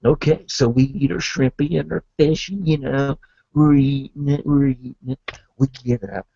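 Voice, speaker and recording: A man's voice: mid-range voice, moderate pace, creaky, mellow, dry recording. A man telling a comic story as a host in character, with laid-back hippie slang, referring to himself in the third person. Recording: dull lo-fi recording.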